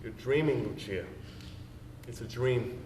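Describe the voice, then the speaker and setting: A man's voice: mid-range voice, a little slow, darkish tone, slight background noise, lightly acted. An actor on a theater stage playing a dead husband's spirit who soothes and teases his wife in her dream. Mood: soothing. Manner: soothing, playful, wistful. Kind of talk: live stage drama. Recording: roomy stage sound from a distant mic.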